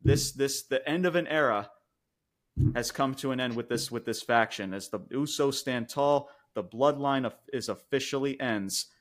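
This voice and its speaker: A man co-hosting a podcast, recapping a wrestling show in casual chat, excited and swearing freely with lots of fillers. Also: mid-range voice, normal speed. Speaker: podcast co-host reviewing wrestling.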